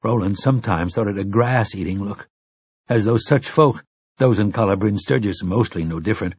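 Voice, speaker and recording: A man narrates an audiobook in a husky, mid-pitched voice, measured and dramatic. The sound is dry and close, with no room echo. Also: darkish tone. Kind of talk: scripted narration.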